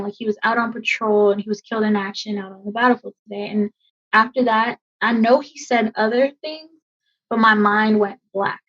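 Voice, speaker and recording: A woman army veteran in her thirties, telling a personal story in a podcast interview, emotional and halting with many fillers. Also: mid-range voice, breathy edge. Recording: dull lo-fi sound.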